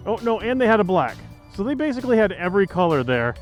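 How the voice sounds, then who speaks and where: A man's voice: high-pitched, very animated, fast, faint music behind. Joking, rambling motorcycle vlogger man. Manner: joking, rambling, heavy on fillers. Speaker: motovlogger. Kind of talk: casual chat while riding. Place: riding a motorcycle outdoors on city streets.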